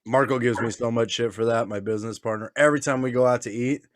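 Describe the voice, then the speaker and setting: A man's voice: mid-range voice, steady tone, fast talker, background noise. A man co-hosting a casual, boozy podcast chat, crude and laughing, who slips into goofy voices when he quotes people. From Nebraska, US. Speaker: podcast co-host. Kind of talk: casual drunk banter.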